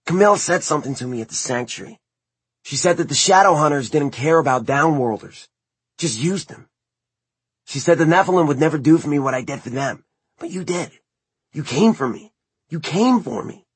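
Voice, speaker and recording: A man voicing an uncertain young man in an audiobook reading, speaking hesitantly and haltingly. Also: a little high, lively intonation, breathy edge, no room sound, voice pushed up.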